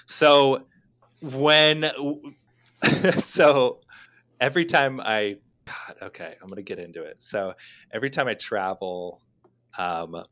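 A man as a podcast guest, telling stories in a rambling, animated way with lots of fillers. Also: on the low side, no echo. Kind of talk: casual storytelling chat.

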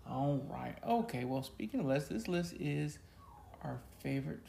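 Podcast co-host, male, teasing banter, gravelly and warm-toned, echoey room. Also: medium pitch, animated, normal speed, a little hiss or hum. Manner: joking, teasing. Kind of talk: casual chat. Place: home studio. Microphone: podcast mic.

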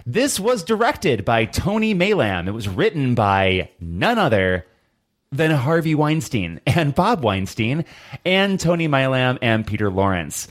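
A man's voice: medium pitch, sing-song, a little slow. A man co-hosting a casual horror podcast, reading out film details with joking asides. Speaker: podcast co-host. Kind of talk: casual chat.

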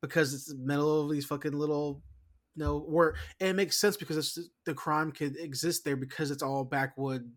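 A man's voice: a little high, fairly even intonation, normal speed. Profane, rambling podcast co-host man. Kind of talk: casual chat.

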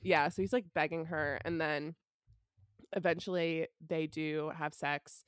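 A woman co-hosting a podcast, recapping a book in casual chat, filling her talk with "like" and telling it with animated energy. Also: low-pitched, measured pace, clear, resonant tone, no room sound, studio quality. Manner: chatty, heavy use of "like" fillers; animated storytelling. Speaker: podcast co-host.

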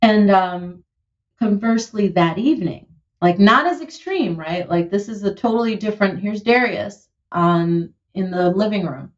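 A woman in her thirties, a musician being interviewed, talking in an animated, heartfelt way with lots of "like" and "you know". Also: mid-range voice, normal speed, highs cut off. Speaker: musician and producer, guest. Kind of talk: conversational interview.

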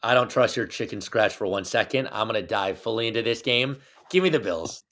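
A man's voice: fairly low pitch, a little fast. A man co-hosting a sports podcast, making his picks in casual, teasing banter with his co-host. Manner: teasing, jokey, animated banter.

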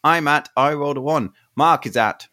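A man's voice: a little high, normal speed, sharp tone. A man wrapping up a podcast episode in a casual chat, swearing freely. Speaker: podcast co-host.

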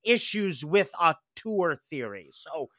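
Male podcast co-host, excitable and chatty, bright tone, dry close mic. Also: a little high, slow, no room sound. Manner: enthusiastic, chatty, many restarts. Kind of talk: casual podcast chat.

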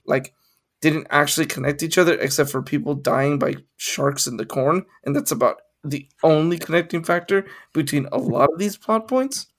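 A man's voice: fairly high pitch, a bit bright. A man co-hosting a casual movie review podcast, rambling with lots of fillers and the odd swear. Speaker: podcast co-host.

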